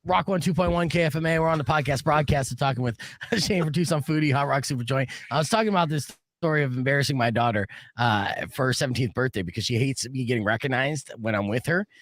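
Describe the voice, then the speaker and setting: A man hosting a radio show, telling stories with lively voice imitations. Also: medium pitch, fast, dry recording. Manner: animated storyteller, mimics voices. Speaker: radio host. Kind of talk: morning radio banter. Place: radio studio. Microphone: studio broadcast mic.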